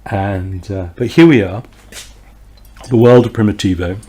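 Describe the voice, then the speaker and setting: This wine society host speaks a little slowly, his fairly low voice warm and husky. During the tasting he drifts into a chatty anecdote, stumbling through fillers and starting sentences over.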